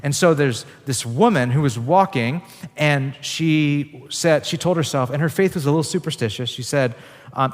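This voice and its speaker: A man's voice: on the high side, moderate pace, long reverb tail. A man preaching a sermon as pastor, in a casual, conversational way with frequent "like" fillers.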